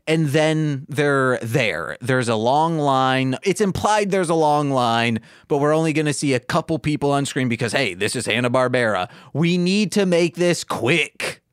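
Man with a smooth, dry voice. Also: medium pitch, animated, a little slow, hardly any pauses, dry recording. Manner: jokey, storytelling, acting out scenes in voices. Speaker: podcast co-host. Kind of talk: casual chat.

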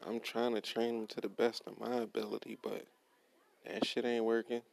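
Gravelly low-voiced man ranting bluntly. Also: monotone, normal speed, low-quality recording. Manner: blunt, profane, repetitive, quotes himself. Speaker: worker ranting about his job. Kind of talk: profane casual rant.

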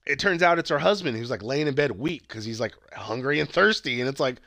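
A man's voice: mid-range voice, a little fast, vocal fry, no echo. Young guy recapping a film, voice jumping all over as he acts out lines, dry close sound, lots of swearing. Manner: animated retelling, acting out quotes, swearing. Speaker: podcast co-host. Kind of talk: casual movie review chat.

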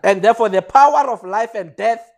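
A preacher delivering a sermon, repeating refrains and swinging from quiet lines to shouted peaks. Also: medium pitch, fairly quick.

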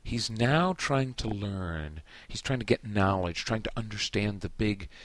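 A man hosting a podcast, discussing a book casually with emphatic, halting speech and many restarts. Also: on the low side, expressive, dry recording. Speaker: podcast host.

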